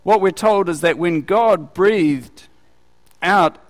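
A preacher teaches from the Bible in an easy, conversational style, his slightly raised, high-pitched voice moving slowly as he puts questions to his listeners. The hall around him gives his voice a long reverberation.

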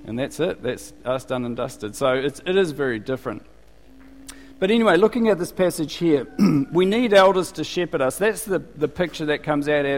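A New Zealand man with a slightly high voice and lively intonation delivers a casual, conversational sermon at a moderate pace, chatting and putting questions to the congregation. The recording carries the long reverb of a hall.

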